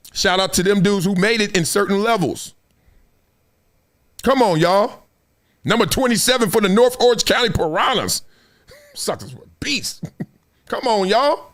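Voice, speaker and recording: A middle-aged man hosting his own show, chatting casually with his audience, laughing and acting out voices. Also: high voice. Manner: animated, acts out voices, laughs often. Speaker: show host. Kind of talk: casual chat to a live audience.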